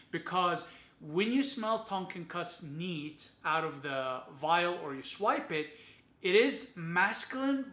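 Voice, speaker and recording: A man's voice: a little high, sharp tone, roomy sound. A man giving a chatty to-camera perfume review, often adding "okay" and "you guys".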